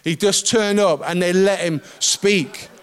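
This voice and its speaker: High-voiced male preacher. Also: measured pace, smooth. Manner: conversational, lively with asides and humor. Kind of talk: sermon.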